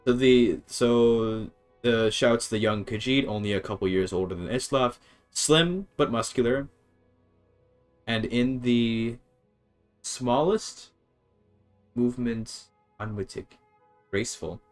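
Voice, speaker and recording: A man's voice: medium pitch, faint music behind. Man thinking aloud while streaming. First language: English. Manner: thinking aloud, halting restarts, tries out German words. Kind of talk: casual livestream talk while translating game text.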